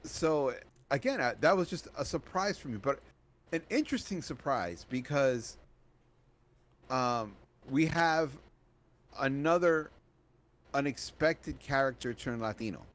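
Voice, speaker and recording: A man co-hosting a podcast, asking probing questions in relaxed conversation with joking asides. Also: mid-range voice, a little slow, pauses often. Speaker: podcast co-host. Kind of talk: casual movie review chat. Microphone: podcast microphone.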